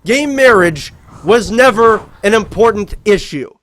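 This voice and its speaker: A man's voice: high voice, expressive, unhurried, fairly bright tone. A young man giving preachy commentary, earnestly quoting scripture.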